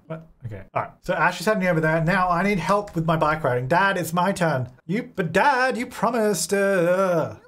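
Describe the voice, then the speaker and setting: A man's voice: fairly high pitch, a bit bright. A young man hosting a life-sim let's play, chatty and laughing often as he plays. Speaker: gaming channel host.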